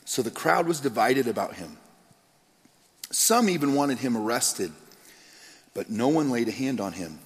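A man preaching a sermon as pastor, telling the story with animated, acted-out quotes. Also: medium pitch, a little slow, long pauses. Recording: long hall reverb.

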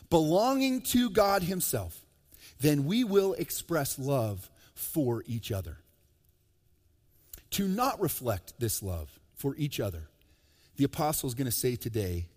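Animated preacher in a reverberant hall. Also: male voice. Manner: animated, joking asides, swings between loud emphatic and soft low. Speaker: pastor. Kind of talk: sermon. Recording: long reverb of a large hall.

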